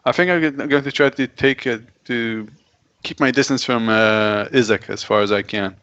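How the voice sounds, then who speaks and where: A man playing a tabletop game, thinking his moves through out loud. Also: mid-range voice, normal speed. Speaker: player. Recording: dull lo-fi recording.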